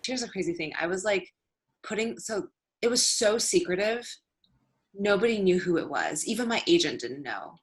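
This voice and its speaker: A woman's voice: mid-range voice, animated, moderate pace. A woman stand-up comedian telling a story in casual chat, full of "like" fillers. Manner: chatty, many "like" fillers, acts out quotes.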